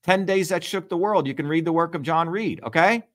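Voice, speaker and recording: A man's voice: fairly high pitch, a little fast. Blunt, profane man host. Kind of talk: heated livestream talk.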